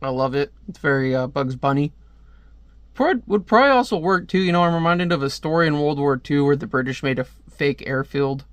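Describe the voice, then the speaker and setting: A man's voice: on the high side, animated, brisk, smooth, dry recording. Male comic reviewer, casual rambling delivery, dry close sound. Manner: rambling, chatty asides.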